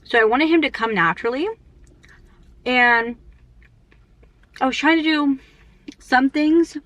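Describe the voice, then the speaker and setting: A young woman vlogger chatting casually and rambling, full of fillers, talking fast because she is in a rush. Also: sits high, a bit bright, dry recording, dull audio. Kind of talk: casual chat.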